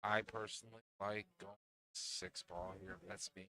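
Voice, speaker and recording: A man's voice: lowish voice, level tone, a little slow, sharp tone. A man with a Northeastern Pennsylvania accent giving chatty live commentary on a pool match, often laughing and restarting his phrases.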